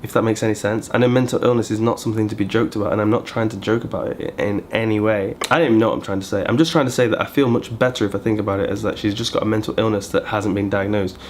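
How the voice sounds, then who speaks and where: A man's voice: lowish voice, steady tone, rapid-fire, hardly any pauses, slight background noise. A man vlogging in casual chat to camera, rambling and thinking aloud as he goes.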